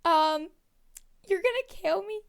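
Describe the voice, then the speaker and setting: Giggly high-voiced woman player. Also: slow pace, vocal fry. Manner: giggly, laughs often, excitable. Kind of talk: casual chat at a tabletop game.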